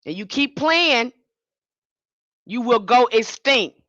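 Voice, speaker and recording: A woman's voice: fairly high pitch, animated, slow pace, bright, forceful tone, no room sound, lo-fi sound. A woman giving an impassioned livestream sermon as a spiritual teacher, speaking in a fiery, confrontational way and repeating her points.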